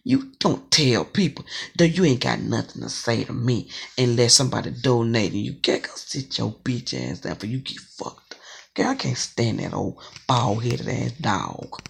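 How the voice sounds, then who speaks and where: A psychic reader on a live stream, ranting angrily in a profane, repetitive, confrontational way with a gravelly, husky voice. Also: mid-range voice, animated, normal speed. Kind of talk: angry ranting monologue.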